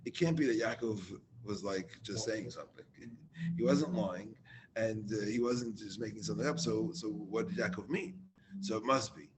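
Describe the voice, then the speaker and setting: A man's voice: fairly low pitch, moderate pace, noisy background. A man leading a Torah class, reading Hebrew lines and explaining them in casual English with restarts.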